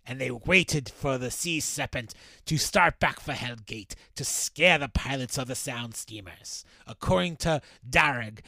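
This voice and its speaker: A man doing a gruff old sea captain voice, drawn out and deliberate. The tone is gravelly and bright, with every phrase given weight like a yarn told on the docks. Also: on the high side, dry recording, full character voice. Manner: slow, deliberate storytelling read. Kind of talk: reading an old newspaper account in character.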